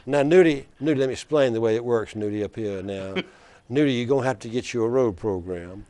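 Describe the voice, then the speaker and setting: A man imitating an old Southern governor with a deep Alabama Black Belt accent, coaxing and repeating a younger lawmaker's nickname. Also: fairly quick, mellow, natural voice. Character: older male Southern governor, drawling and coaxing.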